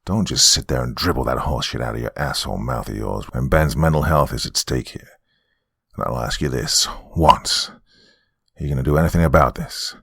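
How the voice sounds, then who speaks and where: A man's voice: moderate pace, gravelly, a bit bright, slightly rough, dry recording, studio quality, heavily acted. A man voicing a stern older grandfather who speaks bluntly and moodily. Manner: low, blunt and moody.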